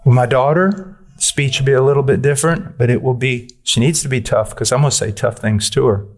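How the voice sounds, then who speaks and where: A male preacher delivers a sermon in a blunt, forceful, personal manner. His voice sits at a middle pitch for a man. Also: a little fast.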